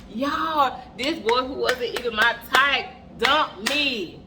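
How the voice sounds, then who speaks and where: A young woman chatting to her viewers in a storytime vlog while doing her makeup, animated and calling out to them often, recorded on an earbud mic. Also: a little high, slow pace, heavy background noise. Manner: animated, keeps addressing the audience as "y'all". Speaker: vlogger.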